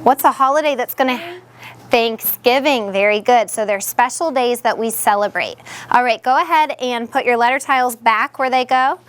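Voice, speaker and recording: A woman's voice: fairly high pitch, slight background noise. Patient woman teaching in a classroom. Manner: patient, encouraging, sounds out words slowly.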